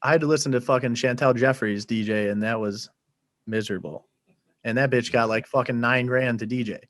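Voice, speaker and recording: Laid-back, profane guest in a dry room. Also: male voice, mid-range voice, steady tone, a little fast, dry recording. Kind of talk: casual podcast chat.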